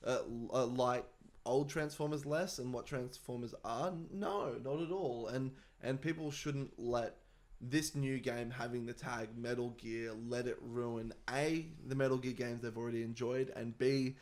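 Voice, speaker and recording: A young man chatting on a podcast with friends. He tells his stories with animated energy and drops the occasional swear. His pitch sits in an ordinary middle range for a man. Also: unhurried. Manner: animated storyteller, swears freely. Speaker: podcast co-host. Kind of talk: casual chat.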